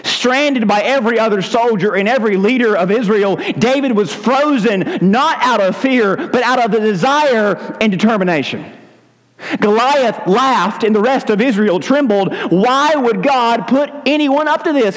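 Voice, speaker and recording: High-voiced preacher in a reverberant hall. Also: male voice, animated, normal speed. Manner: dramatic, swings from high calls to low hushed lines. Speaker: pastor. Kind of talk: sermon. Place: church sanctuary.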